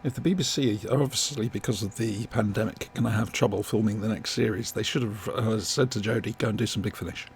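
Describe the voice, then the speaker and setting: A man's voice: lowish voice, a little fast, hardly any pauses, a little hiss or hum. A man hosting a podcast, chatting casually with playful, pedantic asides. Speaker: podcast host. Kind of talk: casual chat.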